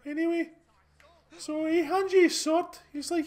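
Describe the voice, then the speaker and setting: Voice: very high voice, steady tone, moderate pace, a little mellow. A host with a Scottish accent giving casual, rambling commentary over gameplay, chatty and full of restarts. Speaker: gaming channel host.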